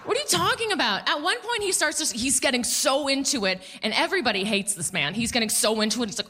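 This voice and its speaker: A woman in her thirties doing a stand-up comedy set on a club stage, animated and laughing at her own jokes as she talks to the crowd. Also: high-pitched, fast talker, hardly any pauses.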